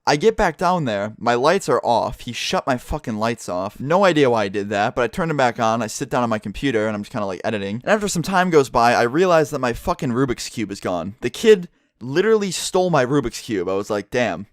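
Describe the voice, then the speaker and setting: A young man tells a storytime vlog in a quick, rambling rush, peppered with swearing and "like." His voice sits at an ordinary mid pitch and is recorded close on a studio mic with a dry, roomless sound. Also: sing-song, dry recording. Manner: profane, rambling, lots of "like". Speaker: YouTube commentator. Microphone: studio microphone.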